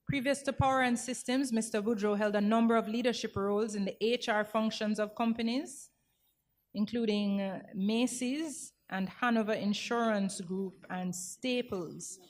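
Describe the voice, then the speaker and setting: A woman emcee giving a formal, measured introduction of a speaker, read from a prepared bio, in a hotel conference room. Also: fairly high pitch, fairly even intonation.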